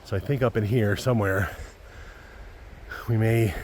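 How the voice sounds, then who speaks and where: A man's voice: lowish voice, steady tone, measured pace, a little mellow, a little hiss or hum. A middle-aged man on a wilderness backpacking trip, talking to viewers in a folksy, chatty way while walking outdoors in mountain woods. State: a little out of breath. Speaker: backpacking vlogger. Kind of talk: casual outdoor vlog narration.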